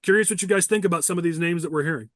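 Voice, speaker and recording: A man's voice: on the high side, racing, dry recording, clean studio sound. A man hosting a political talk podcast, speaking bluntly and with opinion, now and then restarting his sentences. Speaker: podcast host. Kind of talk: casual political chat.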